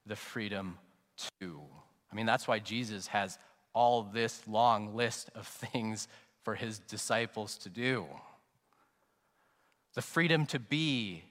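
Male pastor, sermon, dynamic preaching, loud peaks and quiet trailing lines, long hall reverb. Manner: dynamic preaching, swinging between loud emphatic peaks and soft low trailing phrases.

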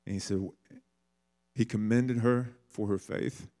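A man's voice: fairly low pitch, steady tone, a little slow, warm tone. A man preaching a sermon in a conversational storytelling way, sometimes acting out the voices of people in the story. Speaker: pastor.

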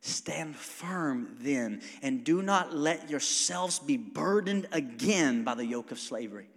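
A man preaches a sermon in a church hall whose reverb trails after every phrase. His voice is somewhat high for a man. He shifts between soft, almost whispered stretches and forceful bursts, often prompting the congregation to answer him. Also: expressive, takes it slowly. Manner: swings between quiet intimate passages and loud emphatic preaching; calls for congregation responses. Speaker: pastor. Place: church sanctuary.

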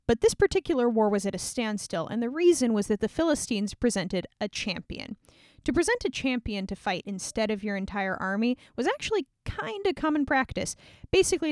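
A woman's voice: fairly high pitch, no room sound, clean studio sound. A woman casually retelling a Bible story in a chatty way, with frequent fillers and small laughs.

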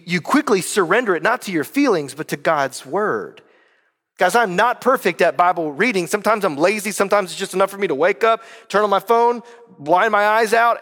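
A man's voice: high voice, a bit bright, big-room sound. A middle-aged man preaching a conversational sermon in a church, emphatic and full of rhetorical questions. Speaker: pastor. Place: church sanctuary.

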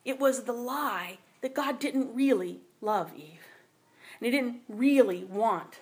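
A woman's voice: fairly high pitch, slow pace, breathy edge. A woman teaches a sermon in a plain, conversational voice. She keeps checking in with her listeners as she goes. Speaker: Bible teacher.

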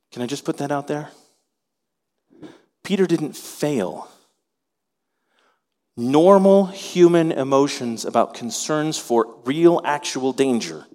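A man preaching a sermon, animated, acting out the voices of the people in his story. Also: medium pitch, long reverb tail. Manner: animated, acts out voices in quotes. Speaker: pastor.

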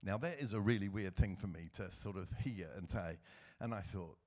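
A man's voice: sits low, normal speed, darkish tone. Man, middle-aged, guest speaker, church testimony, earnest, emotional storytelling.

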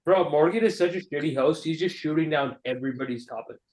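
A young man talks as a podcast guest, teasing the host and leaning on fillers. His voice sits a little high for a man, and he speaks in quick casual bursts. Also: darkish tone. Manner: teasing, many fillers like 'like' and 'bro'.

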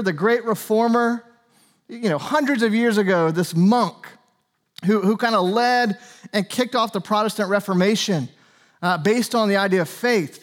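A man in his forties, a pastor giving a sermon in a conversational, chatty way with frequent fillers. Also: high voice.

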